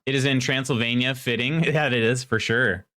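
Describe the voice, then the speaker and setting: Casual male streamer, mid-pitched, talks loosely to chat while playing. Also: fairly even intonation, normal speed, pushed and bright. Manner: chatty, reads chat aloud and muses while playing; reads in-game text aloud. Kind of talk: casual live gameplay commentary.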